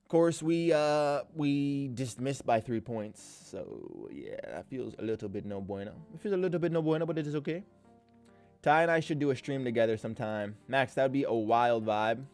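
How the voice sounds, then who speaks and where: A man hosting a live trading stream, giving casual, energetic commentary full of slang, occasional swearing and shout-outs to viewers. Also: mid-range voice, moderate pace, soft background music. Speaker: livestream host and day trader.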